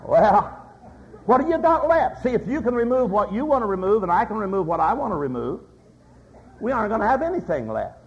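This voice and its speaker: A man's voice: high voice, very animated, fast talker. An older man preaching a sermon, telling folksy stories and acting out their voices. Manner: folksy storytelling with voiced anecdotes. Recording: dull lo-fi recording.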